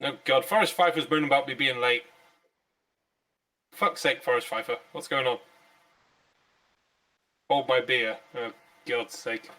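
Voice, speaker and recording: A man's voice: medium pitch, measured pace, pauses often, sharp tone, far from the mic. A man hosting a casual live stream, chatty and jokey, swearing freely, a few pints in. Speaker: streamer host.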